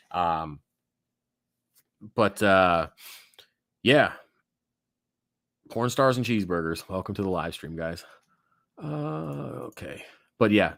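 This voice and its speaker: Young man, low voice, dry close sound; casual live-stream host who rambles, swears and wanders off topic. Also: fairly bright tone, no echo. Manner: rambling, profane, easily sidetracked, reads chat aloud. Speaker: livestream host answering viewer questions.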